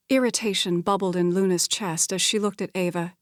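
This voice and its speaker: A woman narrating a romance audiobook in a steady, scripted storytelling voice. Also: fairly low pitch, normal speed, hardly any pauses, dry recording, clean studio sound.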